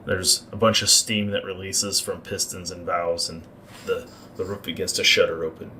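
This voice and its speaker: A man narrating a tabletop game as game master, describing the scene in an unhurried way. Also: low voice, little pitch movement, bright, forceful tone, a little hiss or hum.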